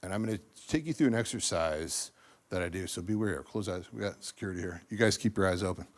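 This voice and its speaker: A man preaching to a church business group in a casual, animated way, acting out quoted voices with lots of fillers and restarts. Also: sits low, fast talker. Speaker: speaker at a church business ministry meeting. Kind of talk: energetic preaching talk.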